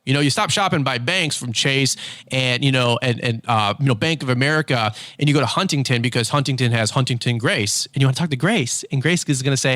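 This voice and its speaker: Casting: male podcast host, emphatic and confessional, middle pitch, dry close sound. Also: fast, fairly bright tone, no room sound. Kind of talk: candid business podcast monologue.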